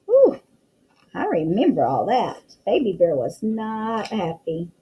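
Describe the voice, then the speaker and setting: A woman's voice: mid-range voice, huge pitch swings, slow, mellow, slightly rough, muffled recording. A woman teacher reading a picture book aloud to young children, full of exclamations and questions to the listener.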